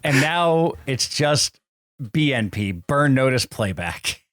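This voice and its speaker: A man's voice: mid-range voice, sing-song, slow, a bit bright, no room sound. A man co-hosting a podcast, chatting casually about films and dropping dry, joking asides. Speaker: podcast co-host.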